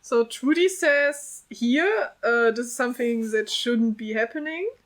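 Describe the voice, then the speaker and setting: Chatty woman podcast co-host. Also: fairly high pitch. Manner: laughs often, quick chatty asides. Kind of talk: casual chat and group reading.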